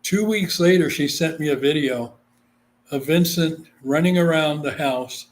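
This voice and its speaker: A man's voice: a little high, unhurried. A man from Guam, a psychic medium, telling a story in a casual interview, with lots of "you know" fillers and quoted voices. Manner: chatty, full of "you know" fillers, acts out quoted people.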